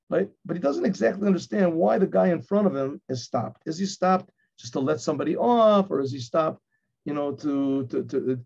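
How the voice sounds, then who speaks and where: Husky high-voiced rabbi telling a story. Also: male voice. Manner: storytelling, acts out shouted quotes. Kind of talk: Torah class with personal story. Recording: dull lo-fi recording.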